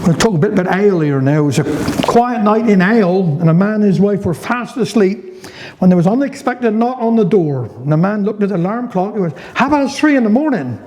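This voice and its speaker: Cornish man telling dialect stories, fairly high voice. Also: animated, brisk, mellow, slight background noise, rough recording. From Cornwall. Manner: chatty, humorous rhyming recitation. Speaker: dialect storyteller. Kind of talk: reading dialect stories to a live audience. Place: heritage venue talk.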